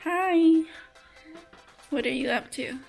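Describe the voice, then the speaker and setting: A woman's voice: extremely high pitch, slow pace, vocal fry. A young woman hosting a casual food-tasting vlog, chatting and describing each treat in detail. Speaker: vlog host. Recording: loud background music.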